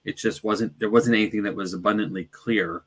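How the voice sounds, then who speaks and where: A man's voice: fairly low pitch, fairly even intonation, brisk, a bit bright. A man who investigates the paranormal, recounting his night in a hesitant, casual way with frequent restarts. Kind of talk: casual podcast chat.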